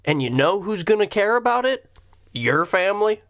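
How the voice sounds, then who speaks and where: A man's voice: sits high, sing-song, moderate pace, vocal fry, a bit bright. A man hosting a reaction commentary, ranting sarcastically with blunt, profane remarks about a video. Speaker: commentary host.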